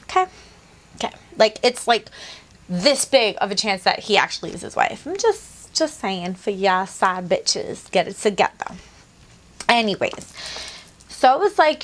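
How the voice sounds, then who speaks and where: Animated, profane young woman telling a story. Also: fairly high pitch. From Latina. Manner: animated, profane, acts out both sides of conversations. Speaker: beauty vlogger. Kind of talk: casual storytime chat.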